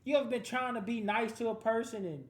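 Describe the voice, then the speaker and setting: Extremely high-pitched and fast-talking, a man runs a Bible class in an echoing room. He offers lively commentary on each verse in slangy street talk, then tells everyone to keep reading.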